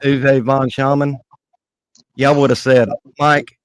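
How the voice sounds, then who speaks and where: Give me a slow, gushing middle-aged man. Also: mid-range voice, clean tone. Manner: excited, gushing fan. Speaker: podcast guest. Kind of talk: casual chat. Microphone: remote call mic.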